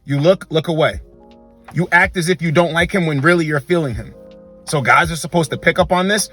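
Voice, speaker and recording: A man's voice: a little high, a little fast, pushed and bright, slightly rough, faint music behind. A man hosting a dating commentary video, delivering an emphatic, lecturing monologue that repeats its points. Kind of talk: opinionated monologue.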